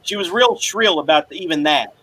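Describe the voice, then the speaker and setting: High, bright-voiced man firing questions. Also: expressive, breathy edge, rough recording. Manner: quick interjecting questions. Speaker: podcast co-host. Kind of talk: casual chat.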